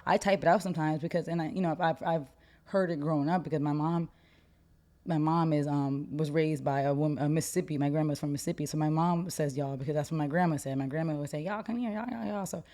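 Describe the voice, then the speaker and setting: Young woman podcast co-host, low mellow voice, quick, opinionated, casual slang. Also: steady tone. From United States. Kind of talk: casual chat.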